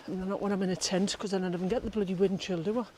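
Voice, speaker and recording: A woman's voice: medium pitch, steady tone, very fast, mellow, echoey room, slight background noise, poor audio. A middle-aged woman with a Geordie accent, chatting to camera in a rambling, self-mocking way while wild camping. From North East England. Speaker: outdoor vlogger. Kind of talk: casual chat to camera. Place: outdoors and in a concrete bunker on a windy hill.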